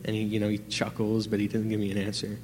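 A man's voice: lowish voice, fast, in a large hall, slight background noise. Nervous young man telling a testimony. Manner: excited, rambling with many fillers. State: nervous, trembling. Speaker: testimony giver. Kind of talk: personal testimony in church.

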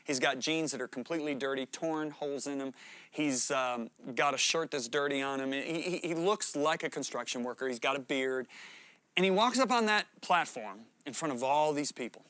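A man's voice: a little high, normal speed, fairly bright tone, no room sound. Earnest storytelling male preacher, dry sound. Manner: earnest, emphatic, repeats words when stirred. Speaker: guest preacher. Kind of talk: sermon with storytelling.

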